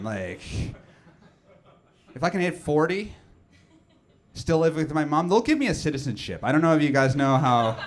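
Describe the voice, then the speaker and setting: A man, doing a rambling, self-deprecating stand-up set full of fillers and restarts. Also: mid-range voice. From Nova Scotia, Canada. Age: 30s. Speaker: comedian.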